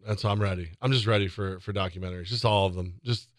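A man's voice: low-pitched, fairly even intonation, fast talker, no echo. A man co-hosting sports talk radio, joking and sarcastic in banter on a studio microphone. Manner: joking, sarcastic, laughs along.

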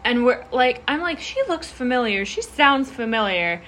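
A woman's voice: fairly high pitch, normal speed, slight background noise. Young woman rambling through a story. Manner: rambling, animated storytelling with fillers. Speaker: storyteller in a casual chat. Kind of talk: casual chat.

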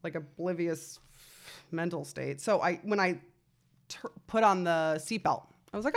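A woman in her thirties chatting casually, her voice sitting on the low side. She tells her story with animated swings and blunt swearing, slipping into the voices of the people in it. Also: normal speed. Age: 30s. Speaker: podcast guest. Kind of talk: casual chat.

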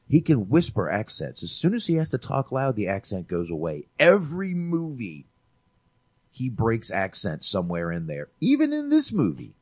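A man's voice: mid-range voice, moderate pace, no echo. A man co-hosting a movie podcast, chatting casually and profanely, calling his friend dude. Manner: animated, swears freely, says dude. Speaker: podcast co-host reviewing movies.

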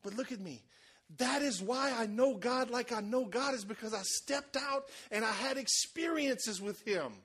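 A man preaching a sermon, telling a lively story and acting out the voices of the people in it, with shouts at the high points. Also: normal speed, breathy edge. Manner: animated, acts out voices, shouts at peaks. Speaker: pastor.

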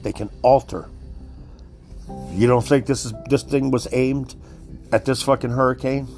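A man's voice: mid-range voice, fairly even intonation, measured pace, darkish tone, faint music behind. A man giving a heated, profane monologue, worked up and repeating himself as he speaks to his listeners. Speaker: commentator. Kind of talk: profane conspiracy rant.

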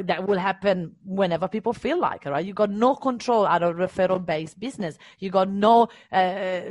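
A woman hosting a live coaching session, talking in an energetic, encouraging and emphatic way. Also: mid-range voice, no room sound. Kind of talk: live-stream coaching chat.

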